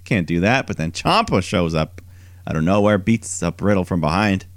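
A man's voice: moderate pace, no echo, studio quality. A man co-hosting a podcast, recapping a wrestling show in a casual, storytelling way. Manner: animated storytelling, mimics quoted wrestlers in higher voice. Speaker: podcast co-host.

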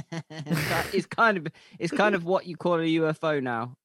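A man's voice: fairly high pitch, normal speed, a bit bright, no echo. A man co-hosting a podcast in casual chat, rambling with hesitant fillers. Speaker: podcast co-host.

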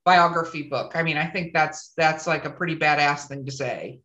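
A woman's voice: sits low, moderate pace, a bit bright, reverberant, muffled recording. A woman hosting a podcast who talks in a gushing, chatty way with lots of fillers. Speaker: podcast host. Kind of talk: casual interview chat.

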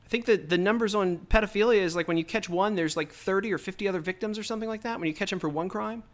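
This podcast host, a man with a high voice and a quick pace, delivers a rambling political rant directly into his microphone, heated and full of profanity.

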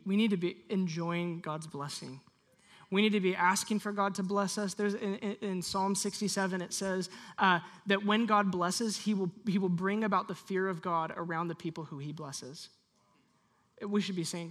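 A pastor preaching to a church congregation, animated and leading the room in call-and-response. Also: medium pitch, normal speed. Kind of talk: sermon.

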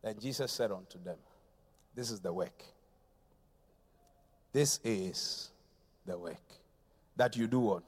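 A man from Ghana preaching a sermon, repeating phrases and swinging between shouts and quiet, low lines. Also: slow pace, pauses often. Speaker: pastor.

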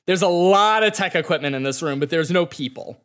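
A man running a tabletop role-playing game, narrating scenes slowly and deliberately. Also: a little high, expressive, a bit bright. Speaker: game master.

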